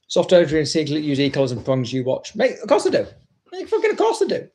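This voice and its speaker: A man's voice: a little high, huge pitch swings, fast talker, mellow, slight background noise. A man, a dog trainer, chatting casually, blunt and swearing freely. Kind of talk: casual chat.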